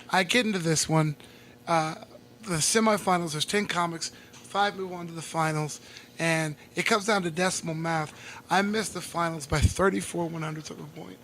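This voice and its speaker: Comedian co-host, male, from Texas, higher voice, profane and laughing storyteller. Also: fairly bright tone, slight background noise. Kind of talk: casual storytelling.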